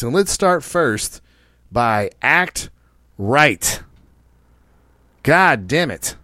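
A man's voice: mid-range voice, big pitch swings, drawn-out words, long pauses, bright, forceful tone, no room sound, studio quality. A man hosting a podcast, talking casually in a brash, profane and preachy way, often speaking straight to the listeners. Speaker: podcast host.

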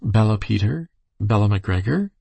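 A man voicing a kind, anxious minister's wife who asks eager, quick questions. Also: fairly low pitch, expressive, gravelly, mellow, breathy edge, no room sound, heavily acted.

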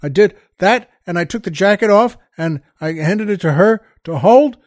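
High-voiced man telling a lively story. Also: normal speed, no echo, studio quality. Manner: animated, acts out quoted voices, shifts between hushed and loud. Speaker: comedian telling a backstage story. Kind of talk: storytelling anecdote.

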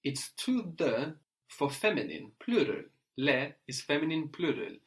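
A man's voice: fairly high pitch, sing-song, unhurried. A man teaching a spoken language lesson, patient and explanatory, who often tags his sentences with a questioning "no?".

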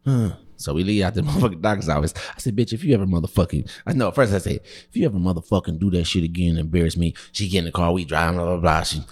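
A man's voice: low voice, rapid-fire, darkish tone. A man co-hosting a podcast, telling a rowdy story in casual, profane chat, laughing and acting out the voices of the people in it.

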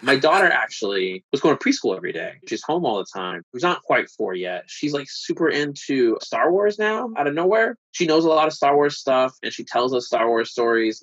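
This is a man in his thirties guesting on a podcast, mid-pitched and chatty. He acts out the quotes in his anecdotes with animated swings. The audio is dull and dead dry, like a remote recording. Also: a little fast, few pauses, no echo. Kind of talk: casual chat.

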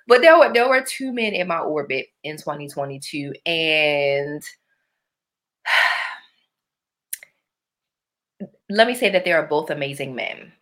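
A woman's voice: low voice, expressive, slow, pauses often, a bit bright. A woman, talking through her year in a casual monologue, full of playful put-on voices and asides to her listeners.

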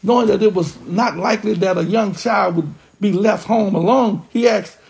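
A pastor preaching a sermon with impassioned, drawn-out emphasis. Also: mid-range voice, creaky, darkish tone.

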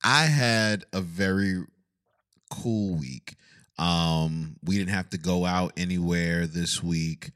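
A man's voice: deep voice, slow pace, a bit bright, smooth. A man from the Bronx co-hosting a podcast, chatting casually and laughing off teasing. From the Bronx, New York. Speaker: podcast co-host. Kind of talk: casual chat.

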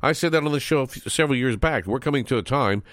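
A man's voice: medium pitch, animated, quick pace, a bit bright, no room sound. A man hosting a talk radio show, delivering an opinionated monologue in a folksy, mocking, sarcastic manner.

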